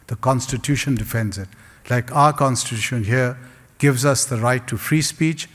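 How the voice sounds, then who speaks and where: A man giving a public lecture and answering audience questions in a measured, rhetorical way with humorous asides. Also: medium pitch. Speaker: guest speaker. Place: lecture hall. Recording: long hall reverb.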